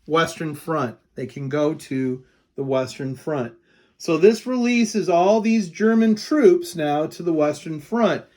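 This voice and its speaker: A male history teacher giving a recorded lecture, repeating key notes and asking questions that he answers himself. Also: high voice. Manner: asks the class questions and answers them himself.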